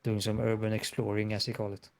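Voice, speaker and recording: A man playing a character in a voice chat role-play, talking hesitantly with lots of pauses. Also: fairly low pitch, completely flat delivery, gravelly, darkish tone. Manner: hesitant, full of "uh".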